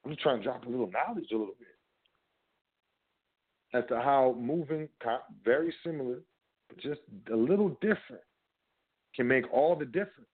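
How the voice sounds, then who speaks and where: Man, show host, casual instructional talk, emphatic, mid-pitched voice, tinny phone-like sound. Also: expressive, moderate pace, long pauses, husky. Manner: conversational and emphatic, with repeated filler phrases. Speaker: podcast host. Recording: phone-like narrow band audio.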